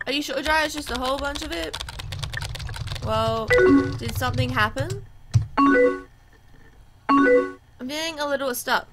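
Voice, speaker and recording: A woman's voice: high voice, moderate pace, pauses often, over loud music. A woman hosting a gaming channel, reading both sides of a chat game's messages aloud in a chatty, reactive way.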